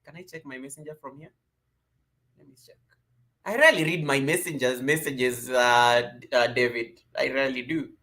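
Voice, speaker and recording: Bright-voiced man hosting a live stream. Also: medium pitch, moderate pace. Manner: energetic, greets viewers warmly by name, frequent laughs. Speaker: livestream host. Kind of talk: casual live-stream chat. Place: at home.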